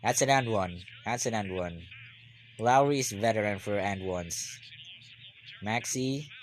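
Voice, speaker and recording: Man, basketball reaction host, unhurried rambling talk, repeats himself, excited shouts. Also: lowish voice, a little hiss or hum. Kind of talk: live game reaction commentary.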